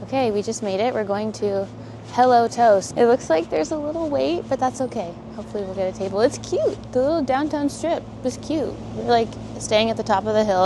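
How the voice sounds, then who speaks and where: A woman's voice: fairly high pitch, noisy background. A young woman vlogging to a handheld camera, chatty and giggly as she talks about her day on the road and around town. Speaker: lifestyle vlogger. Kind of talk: casual vlog talk to camera.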